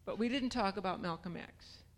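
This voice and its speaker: Thoughtful, measured woman. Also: mid-range voice. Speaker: congregation member.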